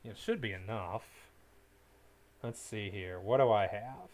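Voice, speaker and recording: A man giving live gameplay commentary as a streamer, chatting with viewers at a desk mic and breaking into loud, excited yelling. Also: on the low side, unhurried, slight background noise. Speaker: game streamer.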